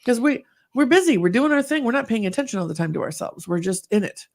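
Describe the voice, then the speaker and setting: A middle-aged woman co-hosting a podcast, chatting casually and telling lively stories, acting out what people said. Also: a little high, fast. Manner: chatty storyteller, acts out quotes. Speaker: podcast co-host. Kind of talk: casual chat.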